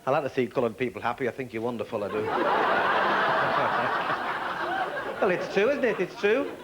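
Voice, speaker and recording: A man doing a stand-up routine on a club stage, firing off quick punchlines, chuckling through his lines and teasing the audience. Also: medium pitch, sing-song. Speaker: stand-up comedian. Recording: noisy live club recording with loud crowd laughter.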